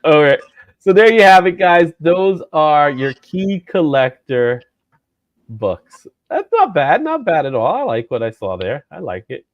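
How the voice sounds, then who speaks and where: Lively, animated man hosting a comic show. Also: fairly high pitch, unhurried, dry recording, muffled recording. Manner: lively, loose and joking, laughs often. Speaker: comic book show host. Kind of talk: casual chat.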